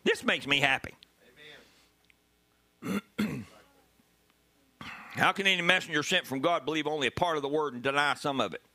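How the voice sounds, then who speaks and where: A man preaching a sermon as pastor, animated and bursting into loud emphasis. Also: a little high, moderate pace, long pauses.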